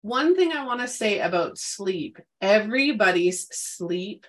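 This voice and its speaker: A woman's voice: medium pitch, lively intonation, measured pace. A woman co-hosting a casual wellness chat, who talks emphatically and repeats words for stress. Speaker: podcast co-host.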